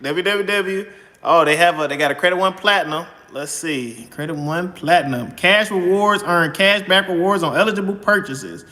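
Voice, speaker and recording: Guy with a high sharp voice, super hyped and rushing, repeats everything, echoey room. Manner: excitable, rushed, repeats himself constantly. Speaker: host of a credit advice channel. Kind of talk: comic skit applying for a credit card. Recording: echoey room with long reverb.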